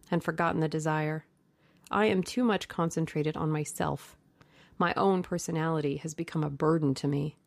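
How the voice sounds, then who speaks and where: A woman's voice: low-pitched, vocal fry, darkish tone, dry recording. A woman reading the part of a troubled young man who speaks sadly and nervously. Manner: weary, sad, nervous. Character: young man, anxious, haunted.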